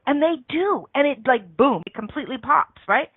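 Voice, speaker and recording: A woman's voice: sits high, expressive, normal speed, dry recording. A woman hosting a motivational radio show, talking earnestly in a coaching manner and repeating phrases for emphasis. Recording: dry, tinny phone-line sound.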